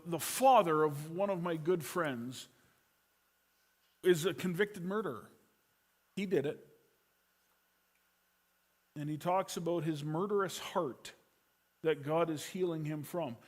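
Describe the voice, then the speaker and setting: Pastor preaching slowly, higher-pitched man. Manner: storytelling, swings from loud urgency to quiet hush. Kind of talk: sermon.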